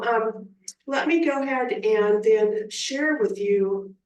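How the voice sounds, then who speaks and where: A woman's voice: medium pitch, darkish tone. A woman, an elementary music teacher, giving an informal, enthusiastic presentation at a school board meeting. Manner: informal and enthusiastic, with many fillers. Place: meeting room. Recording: roomy, distant meeting-room sound.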